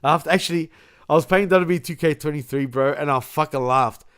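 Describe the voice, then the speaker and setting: A man co-hosts a casual wrestling review, laughing often and swearing freely. He keeps calling his co-host "bro". His voice sits a little higher than most men's. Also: a little fast, a bit bright, smooth. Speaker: podcast co-host.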